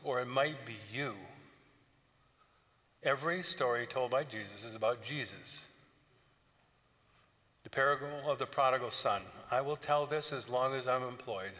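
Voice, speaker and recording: A man delivering a sermon in a bright, forward voice, retelling old stories with casual jokes. The sound carries a long church reverb behind his words. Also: medium pitch. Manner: joking, conversational storytelling. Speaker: pastor. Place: church sanctuary.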